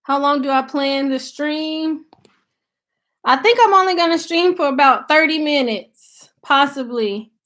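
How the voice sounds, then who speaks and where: Woman, American country accent, high voice, casual live-stream chat, chatty, lots of fillers. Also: unhurried, a bit bright. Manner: chatty and loose, thinks aloud with many fillers. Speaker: YouTube channel host. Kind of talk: casual live-stream chat, reading viewer comments aloud.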